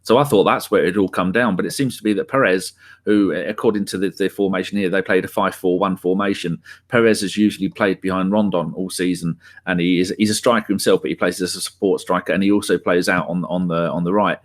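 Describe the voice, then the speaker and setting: A man with a fairly low voice talks football on a fan podcast. He rambles loosely, circling back and restarting his thoughts in an easy, conversational way. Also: steady tone, fast. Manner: rambling, full of restarts and fillers. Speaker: podcast co-host. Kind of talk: casual football chat.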